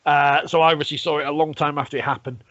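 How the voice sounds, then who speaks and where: A man's voice: on the high side, level tone, quick pace, fairly bright tone. A man hosting a podcast in casual chat, wry and teasing. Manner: wry, teasing, laughs between points. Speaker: podcast host. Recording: dull, lo-fi remote line.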